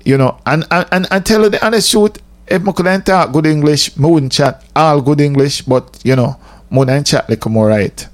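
A man's voice: on the high side, moderate pace. Jamaican man chatting on radio. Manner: mixes patois and English, emphatic, repetitive. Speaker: radio host. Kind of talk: casual radio monologue.

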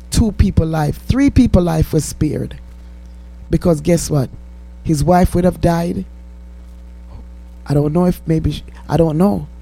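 A woman's voice: fairly low pitch, mellow. A woman with a Jamaican accent hosting a radio ministry and preaching a testimony, fervent and pleading, slipping into patois.

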